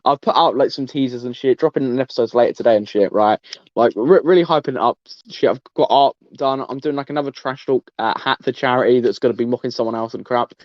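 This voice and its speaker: A man's voice: mid-range voice, quick pace, dry recording, lo-fi sound. A man hosting a casual podcast, rambling and swearing with many stumbling restarts. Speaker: podcast host.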